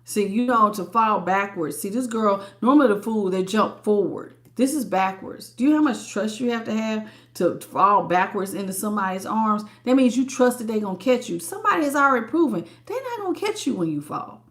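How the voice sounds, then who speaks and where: A woman's voice: mid-range voice, lively intonation, a little fast, few pauses. A woman giving a live tarot reading, blunt and sassy, greeting viewers as baby and sweetie. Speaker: tarot reader.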